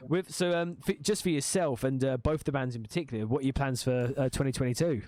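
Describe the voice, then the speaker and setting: A man's voice: medium pitch, fast talker, darkish tone, no echo. A man hosting a casual interview, agreeing often and talking loosely with many fillers. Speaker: interviewer, host.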